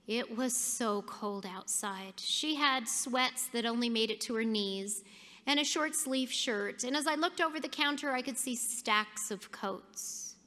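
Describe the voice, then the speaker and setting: A woman's voice: fairly high pitch, measured pace, pushed and bright. A woman giving a keynote speech, telling a personal story with animation and acting out the people in it. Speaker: keynote speaker. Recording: long hall reverb.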